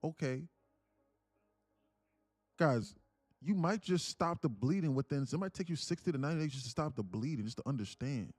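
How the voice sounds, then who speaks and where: A man's voice: fairly high pitch, expressive, normal speed, pauses often, a little mellow, dry recording, clean studio sound. Earnest man hyping his stream chat. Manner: earnest, repetitive, calls listeners "man" and "bro"; reads chat aloud. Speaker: livestream trading host. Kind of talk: casual motivational livestream talk.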